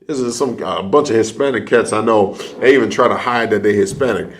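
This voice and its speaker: A man with a low voice teaches an online class in a preaching style. He talks emphatically, climbing to loud, animated peaks before dropping back down. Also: fairly quick, slight background noise. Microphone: online class setup.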